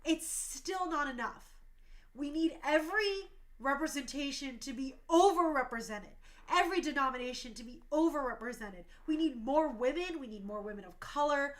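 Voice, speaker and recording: A woman's voice: sits high, lively intonation, a little fast, fairly bright tone. A woman in her thirties hosting a talk show stream, speaking passionately and emotionally, tearful at times.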